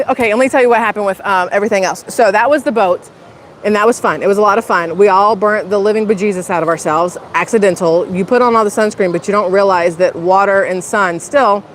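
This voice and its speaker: A woman's voice: mid-range voice, a little hiss or hum. A woman, chatty and rambling as she tells a story to her viewers on a casual vlog, often self-conscious. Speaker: vlogger. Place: outdoors in a public spot.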